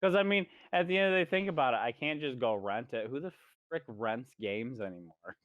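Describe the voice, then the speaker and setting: A man's voice: mid-range voice, lively intonation, fairly quick, no room sound, narrow, tinny audio. A young man co-hosting a podcast, chatting casually and animatedly, swearing and laughing often. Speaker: podcast co-host. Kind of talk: casual chat.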